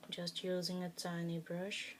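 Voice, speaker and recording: A woman's voice: fairly low pitch, monotone, unhurried, a little hiss or hum. A woman whose first language is Dutch, talking through a craft project in a casual, hesitant way with many fillers, muttering to herself as she works. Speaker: craft tutorial host.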